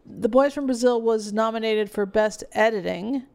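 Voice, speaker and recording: A woman's voice: a little high, normal speed, vocal fry, a little mellow. A woman co-hosting a casual film podcast, rambling through award lists with lots of fillers. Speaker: podcast co-host. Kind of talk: casual film review chat.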